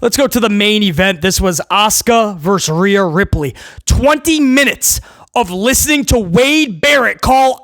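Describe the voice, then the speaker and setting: A man rants through a review with blunt sarcasm and open exasperation, and now and then he bursts out loudly to mock what he watched. His voice sits high and swings widely in pitch. The tone is bright and edged, and the sound is dry and close. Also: expressive, normal speed, no room sound. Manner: mocks with loud comic outbursts. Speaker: wrestling show reviewer. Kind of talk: ranting solo review.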